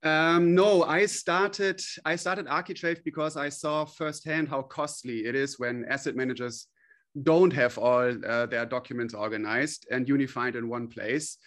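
A man's voice: medium pitch, fairly even intonation, unhurried, a bit bright. A man being interviewed as a company CEO, answering earnestly with frequent hesitations and restarts.

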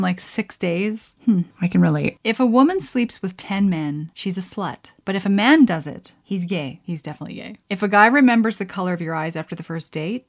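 A chatty young woman from Canada hosts her own podcast in a loose, casual way. She talks easily and laughs at herself often. Her voice sits at an ordinary middle pitch for a woman. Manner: chatty, giggly, self-deprecating. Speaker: podcast host. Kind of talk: casual solo podcast chat.

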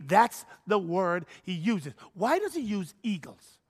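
A man preaching a sermon as pastor, animated and full of repeated phrases. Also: high-pitched, slow pace, slightly rough.

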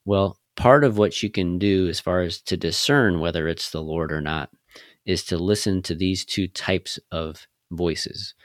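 A man's voice: low-pitched, unhurried, dry recording, studio quality. A man co-hosting a faith podcast, earnestly coaching listeners through step-by-step challenges. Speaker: podcast co-host. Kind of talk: faith-based podcast teaching.

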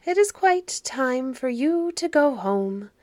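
A woman's voice: high voice, lively intonation, slow, a little mellow, no room sound, clean studio sound, voice pushed up. A woman reading a kindly old caretaker woman. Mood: gentle.

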